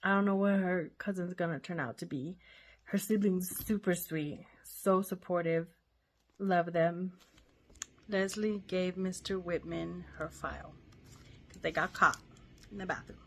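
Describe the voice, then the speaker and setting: A woman's voice: on the low side, fairly even intonation, a little slow. Chatty woman rambling about a book. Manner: rambling, thinks aloud, enthusiastic. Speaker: book club host. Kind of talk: casual book discussion.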